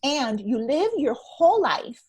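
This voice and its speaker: A woman guest and stress coach talking in a conversational interview, telling stories and acting out quotes in an animated way. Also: high voice, measured pace. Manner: animated storyteller, acts out quotes.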